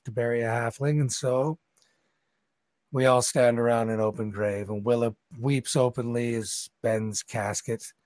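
A man's voice: mid-range voice, steady tone, unhurried, a little mellow, no echo. Game master, man, rambling storyteller, dry close sound. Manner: rambling, conversational. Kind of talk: narrating a tabletop game.

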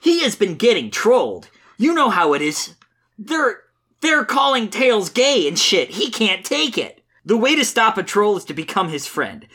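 A podcast host voicing a preachy young male cartoon hedgehog hero in a comic dramatic reading, speaking slowly and overly sincerely. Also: mid-range voice, big pitch swings, sharp tone, voice pushed up, full character voice. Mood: earnest preachy. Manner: slow, raised and overly sincere.

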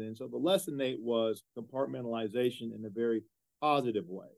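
A man's voice: on the low side, steady tone, fast, vocal fry, a little mellow. A man being interviewed as a guest who gives earnest, discursive answers full of fillers and repeated words. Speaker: guest, university executive.

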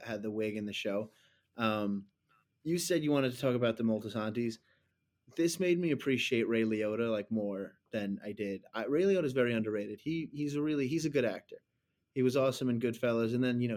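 A man talking casually about a movie with friends. He rambles, gets animated and drops mocking asides. His pitch sits in a middle range for a man. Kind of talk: casual film discussion.

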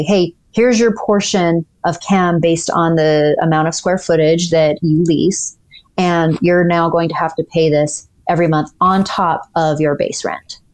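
A woman lawyer on a podcast, explaining lease terms in a clear, methodical way with the odd "um". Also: fairly low pitch, darkish tone. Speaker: dental practice lawyer, guest.

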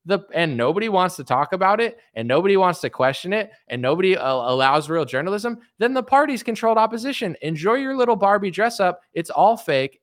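A man's voice: fairly high pitch, a bit bright. A young man, a political commentator and podcast host, ranting in a combative, mocking monologue. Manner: combative, mocking, fast and blunt. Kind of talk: heated monologue rant.

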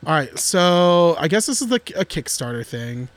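A joking man co-hosting a gear podcast, his pitch leaping about as he talks in restless bursts. His voice sits a little high, and the recording is close and dry, with no room sound. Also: sing-song, normal speed, no room sound. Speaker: podcast co-host. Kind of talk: casual chat.

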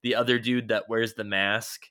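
A man's voice: fairly low pitch, flat delivery, normal speed, sharp tone, clear, resonant tone. Rambling casual guy on a podcast. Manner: rambling, laden with "like" fillers and casual swearing. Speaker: podcast co-host. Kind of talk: casual chat recapping a TV show.

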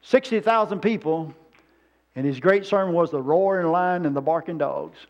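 A man preaches in a loose, folksy way, wandering from story to story in plain-spoken words. His voice sits high for a man. The sermon recording sounds dull and lo-fi. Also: moderate pace, a little mellow. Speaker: pastor.

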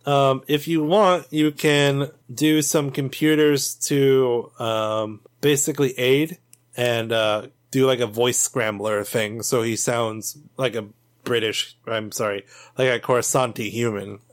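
A man's voice: medium pitch, fairly even intonation, slow pace, clear, resonant tone. Laid-back man running a tabletop game. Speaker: game master.

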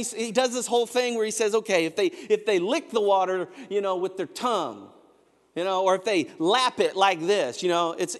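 Pastor, male, high animated delivery, storytelling sermon with shouted peaks, long hall reverb. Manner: storytelling, building to shouted emphasis.

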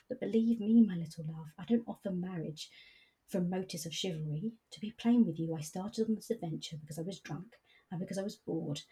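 Soft-voiced woman reading aloud. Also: on the low side, slightly rough, low-quality recording. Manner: soft, measured reading with hesitant chat. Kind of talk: reading aloud and discussing a novel.

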